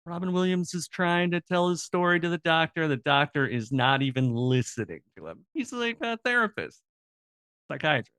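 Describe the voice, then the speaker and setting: A man's voice: fairly high pitch, big pitch swings, normal speed, a bit bright, smooth, no echo. A man co-hosting a podcast, chatting casually with playful reactions and jokes. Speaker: podcast co-host. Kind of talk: casual chat.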